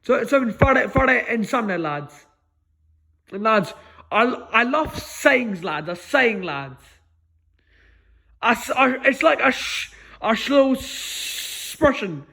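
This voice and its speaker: High-voiced guy, rambling. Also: animated, measured pace, creaky, long pauses, bright, forceful tone. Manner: repeats "lads" in a low mutter, stammering restarts. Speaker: vlogger. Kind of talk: rambling solo monologue.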